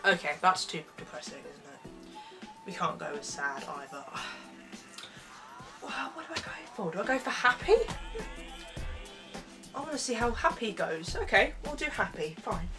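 A woman's voice: fairly low pitch, very animated, normal speed, long pauses, faint music behind. A young woman vlogging in a sarcastic, rambling way, swinging between mock anger and gloom. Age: young adult. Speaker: YouTuber. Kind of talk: comedic vlog rant.

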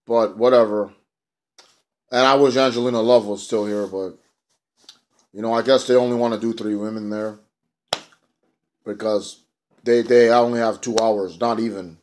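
A man giving a casual, rambling review of a wrestling show, excitable and profane. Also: medium pitch, moderate pace, pauses often, a little hiss or hum.

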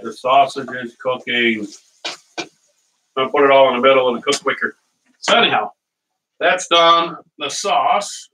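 A man's voice: mid-range voice, bright, forceful tone. A middle-aged man hosting a cooking show from his kitchen, chatting casually and telling rambling stories with frequent laughs. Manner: rambling storyteller, laughs often. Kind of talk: casual chat while cooking. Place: home kitchen. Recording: voice heard from a distance.

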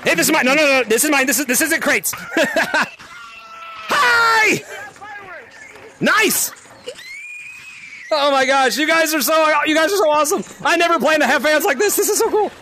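A man live-streaming a VR game, shouting greetings and cheering his players on with lots of laughter, into a headset mic. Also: very high voice, a little fast, slight background noise. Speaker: gaming streamer. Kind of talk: excited live-stream chat while playing.

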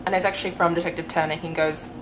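A young woman talking casually in a reading vlog at home, excited and rambling, gushing with lots of fillers. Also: on the low side, very fast, noisy background. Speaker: book vlogger.

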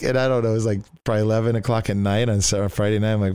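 An older man recounts his past in a smooth, resonant voice, jumping into the voices of the people he quotes. The sound is close and dry, with no room around it. He wanders and restarts mid-sentence but keeps the story moving. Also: lowish voice, flat delivery, quick pace, hardly any pauses, darkish tone, no echo. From Oregon, US. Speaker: pastor sharing his testimony. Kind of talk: animated storytelling.

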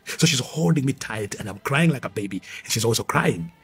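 A man's voice: medium pitch, lively intonation, fairly quick, a bit bright, slightly rough, soft background music. A man from Africa telling his life story as an interview guest, emphatic and repeating his key phrases. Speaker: guest sharing a testimony. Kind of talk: conversational testimony storytelling.

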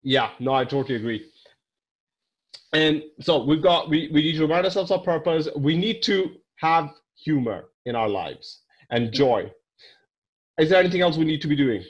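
A man's voice: on the high side, lively intonation, normal speed. A man hosting a podcast interview, chatting casually and enthusiastically summing up his guest's points. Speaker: podcast host.

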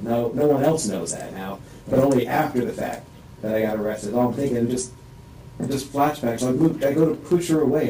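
A distressed man in a police interview room rambles through a halting statement, full of restarts, his voice rising and strained. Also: medium pitch, mellow. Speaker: suspect being questioned. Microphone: distant room microphone. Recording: echoey room, distant mic, faint hiss.

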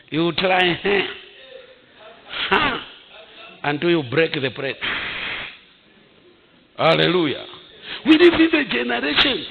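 A pastor preaches in a high, gravelly voice that swings widely up and down. He talks slowly and breaks into shouted bursts and chuckles. The recording has clear noise behind him. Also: narrow, tinny audio. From Zambia. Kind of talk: sermon.

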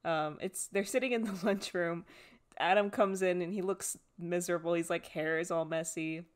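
A woman's voice: on the low side, fairly even intonation, normal speed. A woman co-hosting a podcast, recapping cartoon scenes in casual chat and laughing often. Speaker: podcast co-host.

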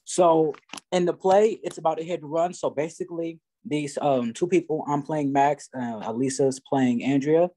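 A man's voice: fairly high pitch, moderate pace, mellow. A teenage boy, a student actor, casually explaining a play's plot on a video call. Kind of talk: describing a play.

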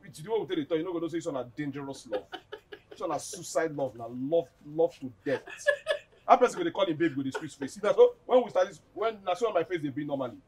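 An actor with a Nigerian Pidgin accent playing an evasive young boyfriend who keeps trying to calm his girlfriend. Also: fairly high pitch, slightly rough. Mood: weary. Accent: Nigerian Pidgin English. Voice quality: placating, quick-talking. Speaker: boyfriend Ekene. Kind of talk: Nollywood film acting.

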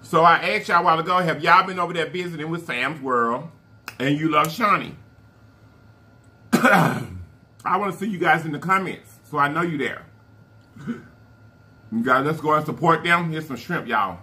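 Bright-toned man chatting while eating. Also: a little high, moderate pace, pauses often. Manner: chatty, addresses viewers as y'all, murmurs while eating. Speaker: mukbang vlogger. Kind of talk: casual eating vlog talk to viewers.

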